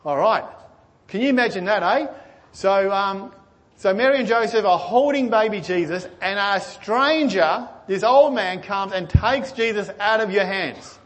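A man preaching a sermon, earnestly asking his listeners questions and swinging between excited and hushed delivery. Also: high voice, a little slow. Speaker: pastor.

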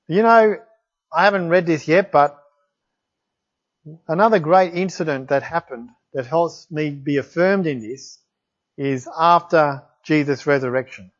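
A man preaching a sermon, reading scripture aloud and exclaiming in wonder at it. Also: fairly high pitch. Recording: dull lo-fi recording.

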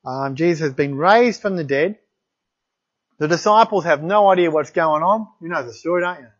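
A man's voice: a little high, normal speed. A man preaching a sermon, reading scripture aloud and exclaiming in wonder at it. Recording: dull lo-fi recording.

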